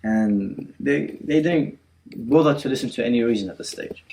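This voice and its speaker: A man in his natural register leads a relaxed religious lesson indoors. He retells the story in a loose, conversational way, full of fillers and restarts, and mixes Arabic words into his talk. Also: medium pitch, moderate pace, slight background noise, poor audio. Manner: retells scenes with quotes and frequent fillers; code-switches with Arabic words. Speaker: religious class teacher. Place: indoor community centre class.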